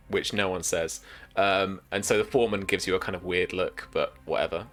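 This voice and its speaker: A man's voice: deep voice, moderate pace, few pauses, a bit bright, soft background music. A British man narrating as game master, rambling with many restarts and fillers.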